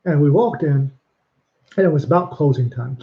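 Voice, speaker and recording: A man's voice: on the high side, normal speed. An older man co-hosting a casual chat show, telling stories and putting on voices for the people he quotes. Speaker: podcast co-host. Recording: muffled lo-fi sound.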